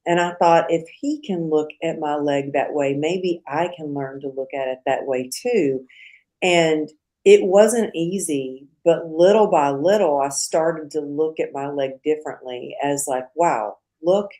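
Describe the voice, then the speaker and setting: Middle-aged woman, podcast guest; low-ish voice, animated storyteller voicing the quotes. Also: measured pace. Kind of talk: casual storytelling.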